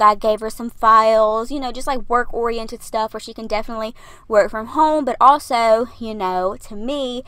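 A woman's voice: a little high, sharp tone, no echo. A young woman, chatting breathlessly in a rambling, laughing voiceover, recorded in her parked car. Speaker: YouTuber narrating a build video. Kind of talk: casual voiceover.

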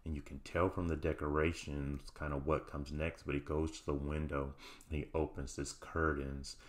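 A man hosting a show, recapping a TV episode in a casual, halting way with many ums and restarts. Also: a bass voice, flat delivery. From United States. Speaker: show host reviewing a TV series.

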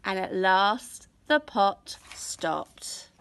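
A woman reading a children's picture book aloud in an expressive, storytelling manner. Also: medium pitch, extremely slow, smooth, no echo. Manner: expressive, sing-song storytelling. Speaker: storybook reader.

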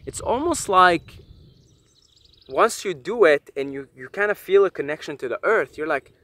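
A young man talking casually to camera about feeling connected to the earth, animated and swearing often, thinking aloud with many restarts and fillers. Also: a little high, moderate pace, no echo. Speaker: vlogger. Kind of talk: casual spiritual monologue.

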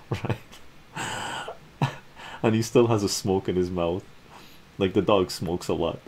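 A man hosting a relaxed ASMR comic reading, laid-back and chuckling often. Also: deep voice, takes it slowly, long pauses, a little hiss or hum. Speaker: channel host reading comics.

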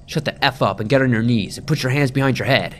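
A man's voice: mid-range voice, quick pace, close to an everyday voice. A man playing an aggressive sheriff's deputy who barks orders in a horror story. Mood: commanding. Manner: barking orders.

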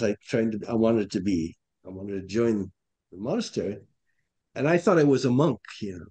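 An older man, a former monk, recalling the past in casual talk, self-deprecating and quick to laugh. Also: mid-range voice, mellow. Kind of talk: reminiscing conversation.

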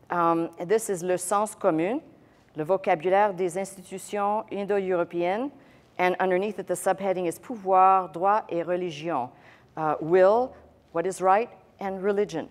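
Low-voiced woman pastor teaching a sermon. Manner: conversational teaching with asides and dry humor; demonstrates with a pen on a tablet.

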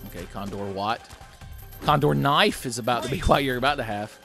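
A young man giving casual, profane commentary while playing a fighting game, often shouting his special moves. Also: mid-range voice, a little fast, gravelly, faint music behind. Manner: excitable, profane, yelling move names. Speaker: let's-play commentator.

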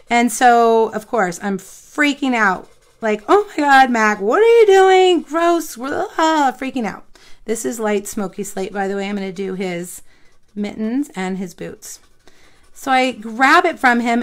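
Chatty woman rambling through a story. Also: mid-range voice. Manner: rambling storyteller, chatting to viewers while working. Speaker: crafter hosting a live stream. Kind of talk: chatty live craft stream.

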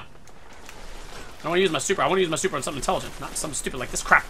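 A man giving excitable gameplay commentary who swears a lot and breaks into sudden shouts. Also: on the high side, rapid-fire, a little hiss or hum. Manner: talks to himself and his teammates. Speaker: gaming video creator.

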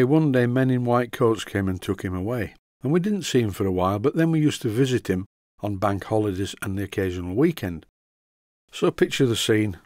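An older man with a mild Yorkshire accent, narrating a workshop tutorial in a measured voice with deadpan dry humor. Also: fairly low pitch, dry recording. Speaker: model engineering tutorial host.

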